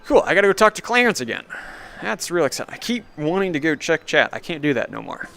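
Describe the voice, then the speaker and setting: A man's voice: on the high side, big pitch swings, fast, vocal fry, a bit bright. A young man streaming a VR game live, commenting sarcastically and laughing often. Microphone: VR headset mic.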